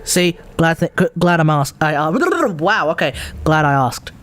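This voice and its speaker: A man's voice: a little high, sing-song, unhurried, fairly bright tone, slight background noise. A man with an Australian accent giving rambling, chatty commentary while live-streaming a video game, often correcting himself.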